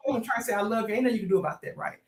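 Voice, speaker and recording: Podcast host, woman, emotional and expressive, mid-range voice, roomy sound. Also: mid-range voice, rapid-fire, crowd noise. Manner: effusive, emotional, laughs often, slangy. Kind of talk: casual interview chat.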